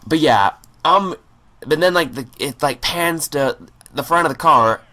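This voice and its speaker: A man's voice: fairly high pitch, expressive, unhurried, pushed and bright. A man telling a story in a rambling, profane way over gameplay, stammering and restarting his sentences. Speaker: gaming channel host.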